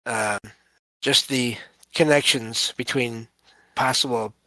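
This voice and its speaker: A man's voice: medium pitch, fairly even intonation, slow, sharp tone, no echo, rough recording. A man hosting a paranormal podcast, reading listener stories and musing on them with frequent fillers and restarts. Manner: hesitant, many fillers and restarts. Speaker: podcast host.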